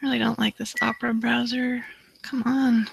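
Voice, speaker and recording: Extremely gravelly, husky man, laid-back prank-show host. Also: extremely high pitch, level tone, moderate pace, dry recording, rough recording. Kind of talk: casual chat.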